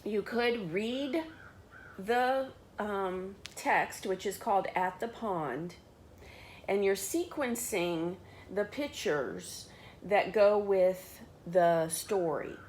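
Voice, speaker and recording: A woman's voice: medium pitch, extremely slow, darkish tone, a little hiss or hum. A woman teacher giving patient step-by-step instructions for class work at home.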